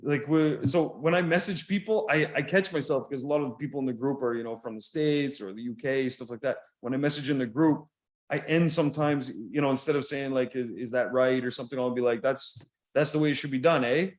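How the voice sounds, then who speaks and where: A man's voice: medium pitch, a little fast. A Canadian man co-hosting a podcast in casual chat, rambling along, laughing often and swearing freely. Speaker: podcast co-host.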